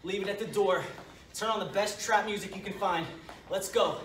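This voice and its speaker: A man's voice: high voice, normal speed, fairly bright tone, slight background noise. A man coaching a workout with pumped-up, urging pep talk. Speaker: fitness coach. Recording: echoey room, mic at a distance.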